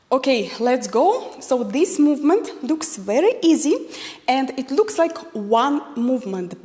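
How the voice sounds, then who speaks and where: High-voiced woman teaching dance slowly. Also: darkish tone. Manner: counting out moves, calling step cues. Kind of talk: instructional lesson. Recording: long reverb of a hall.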